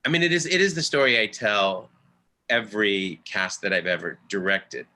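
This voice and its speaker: Bright-voiced man, earnest and halting, passing on stage advice over a video call; conversational storytelling. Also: on the low side. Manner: earnest, halting, with many restarts. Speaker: original cast member and director. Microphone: video call microphone.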